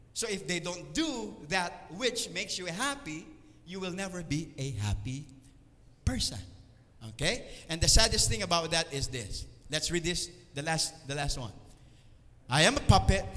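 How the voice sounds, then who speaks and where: A man's voice: on the high side, sharp tone. A man with a Filipino accent preaching a teaching sermon. He talks in an earnest, teacherly way, often checks in with "okay?" and acts out everyday complaints in quoted voices. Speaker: speaker at a church service. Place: church hall. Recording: long church hall reverb.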